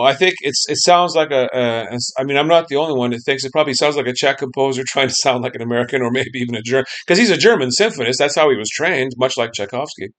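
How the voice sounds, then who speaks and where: A man's voice: medium pitch, a bit bright. A man lecturing a class on music history, loose and conversational, checking in with the students and humming snippets of melodies.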